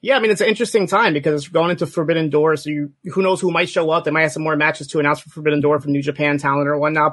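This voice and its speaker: Fast-talking eager man, dry sound. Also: fairly high pitch, fairly bright tone, no echo. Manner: eager, full of rhetorical questions. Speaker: podcast co-host. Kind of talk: casual podcast chat.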